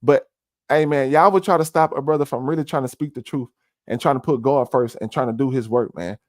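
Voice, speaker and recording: A man's voice: mid-range voice, brisk, a little mellow, no room sound. Preachy man, close dry mic. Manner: preachy, repeats "family", heavy fillers. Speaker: commentary streamer. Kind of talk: casual conspiracy commentary.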